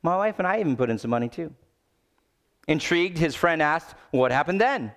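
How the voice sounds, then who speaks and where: Preaching man, fairly high voice. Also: lively intonation, a little fast. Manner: swings between loud urgent pleading and low quiet emphasis. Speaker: pastor. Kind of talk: sermon.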